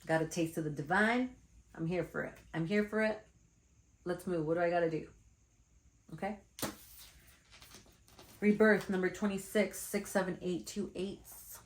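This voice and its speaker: A woman's voice: lowish voice, moderate pace, long pauses. A woman spiritual teacher giving a chatty, blunt card reading to her viewers, calling them darlings. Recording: echoey room.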